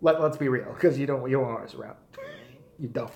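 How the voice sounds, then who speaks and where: A man's voice: medium pitch, brisk, creaky. A man in his forties with an American accent, ranting crudely and laughing on a casual live stream. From United States. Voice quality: profane, animated, often laughing. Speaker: livestream host. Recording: echoey room.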